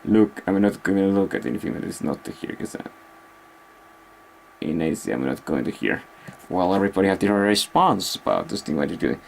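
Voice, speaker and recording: A man talking casually to his vlog audience, rambling and halting as he searches for words. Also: low voice, lively intonation, creaky, a little hiss or hum. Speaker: vlogger.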